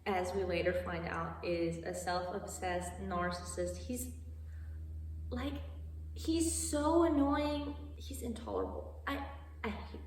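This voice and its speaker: A woman's voice: on the low side, expressive, measured pace, slight background noise. A young woman casually recapping a movie plot, chatty with lots of asides and laughs. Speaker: video creator. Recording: echoey hall from far off.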